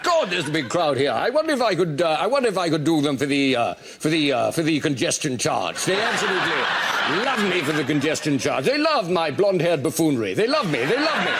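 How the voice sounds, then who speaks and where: A man's voice: on the high side, very animated, brisk. A man improvising comic voiceover in a bumbling, blustering posh manner. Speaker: comedy panelist. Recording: noisy studio with loud crowd. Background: studio audience laughter.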